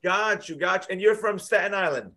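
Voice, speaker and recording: Brisk and sharp-toned, this high-pitched American host keeps his live trading stream friendly and casual. He tends to say things more than once.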